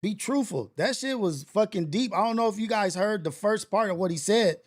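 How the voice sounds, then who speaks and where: A man's voice: high voice, expressive, normal speed. A male host reacting to video clips, talking in a passionate, preachy way and repeating his points. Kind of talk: reacting to clips on a talk show.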